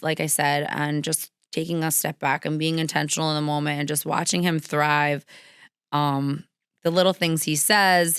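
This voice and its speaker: Young woman, casual storytelling, animated with frequent laughter, lower voice, smooth and clear, dry close sound. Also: no room sound. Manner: animated, laughing often, pitch jumping high when excited. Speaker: podcast host.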